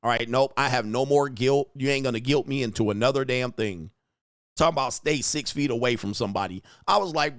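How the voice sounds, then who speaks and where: A middle-aged man hosting a livestream, ranting in a profane, animated way with slang and frequent laughs. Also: mid-range voice, fairly quick, no echo, studio quality. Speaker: livestream host answering superchats. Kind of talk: casual livestream rant.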